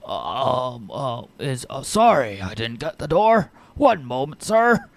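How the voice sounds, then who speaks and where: A man's voice: big pitch swings, takes it slowly, gravelly, heavily acted. A man voicing a very old male halfling carriage driver who stammers and fawns over his passenger. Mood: fawning. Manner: stammering, fawning, high and wavering.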